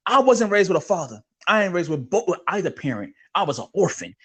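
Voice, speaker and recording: This co-host's voice sits high, with a breathy edge, and he talks fast with few pauses. Chatting casually on the podcast, he spins long, meandering stories and laughs as he goes.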